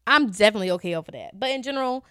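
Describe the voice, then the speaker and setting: A woman's voice: fairly high pitch, animated, racing, pushed and bright, clear, resonant tone, no echo, studio quality. A young woman co-hosting a podcast, chatting candidly with frequent fillers and laughs. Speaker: podcast co-host. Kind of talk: casual chat.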